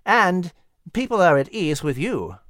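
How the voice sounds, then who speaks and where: A man voicing a shy, bookish young gentleman in a storybook reading, stiff and reserved. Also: high voice, sing-song, measured pace, dry recording, clean studio sound, pitched above the performer's own voice, heavily acted.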